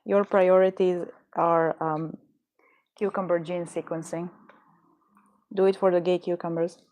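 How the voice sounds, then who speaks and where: A woman's voice: lowish voice, level tone, measured pace, muffled recording. A woman streamer chatting casually and jokingly with her viewers, rambling and tripping over words. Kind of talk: casual live-stream chat. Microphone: headset or desk mic.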